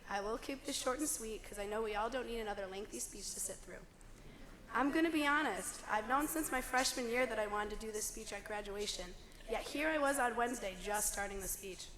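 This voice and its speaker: A young woman giving a graduation speech as class president, hoarse from losing her voice, with wry joking asides. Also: fairly high pitch, fairly bright tone, a little hiss or hum. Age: young adult. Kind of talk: commencement speech. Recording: long hall reverb.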